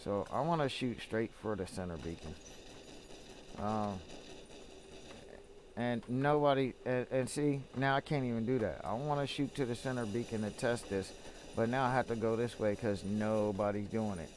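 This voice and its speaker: A man's voice: medium pitch, normal speed, a little mellow, slight background noise. A man from Florida streaming a video game, talking in a rambling, chatty way full of fillers as he plays and reads the chat. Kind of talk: casual gameplay commentary.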